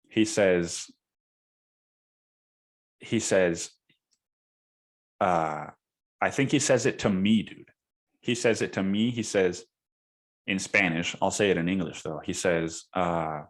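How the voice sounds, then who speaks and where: Deep-voiced man telling a story casually. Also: slow, pauses often. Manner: casual, profane, says "dude" a lot. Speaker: podcast host.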